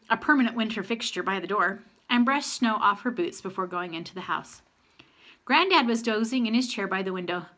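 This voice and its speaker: Animated, bright-voiced woman narrator. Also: a little high. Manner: expressive, animated reading. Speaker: audiobook narrator. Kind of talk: reading a children's novel aloud.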